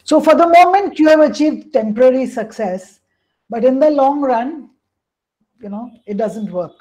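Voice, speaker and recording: A woman's voice: sits high, expressive, normal speed, dark tone, poor audio. A woman coach presenting a webinar on emotions, explaining at length and often saying "you know" and "hey, listen" over a call.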